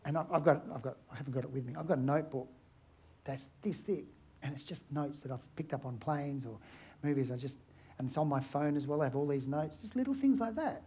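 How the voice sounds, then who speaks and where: A man's voice: mid-range voice, steady tone, brisk, a little mellow, husky. A middle-aged man from Australia, an aerial photographer giving a chatty, anecdotal conference talk and asking his audience questions.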